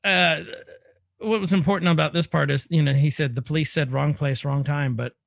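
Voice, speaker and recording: A man in his thirties co-hosting a casual podcast, animated, laughing easily and admitting he tears up at films. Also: a little high, fairly quick, gravelly, no echo. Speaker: podcast co-host. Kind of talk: casual chat.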